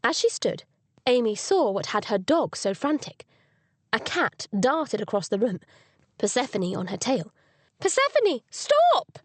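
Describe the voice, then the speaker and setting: Expressive woman narrating an audiobook. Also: mid-range voice, unhurried, no echo. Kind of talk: scripted narration.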